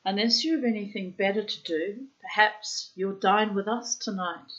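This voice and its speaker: A woman reading aloud and voicing a poised, composed young society woman, lifting her voice higher for the part. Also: moderate pace, a bit bright, lo-fi sound, lightly acted. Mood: cool, polite.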